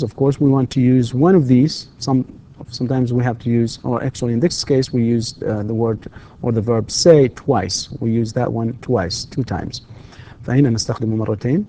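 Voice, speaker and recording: Lecturer with a mellow, voice. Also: male voice, medium pitch. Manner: explains in Arabic, reads example questions aloud in English. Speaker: university English lecturer. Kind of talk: recorded distance-learning lecture.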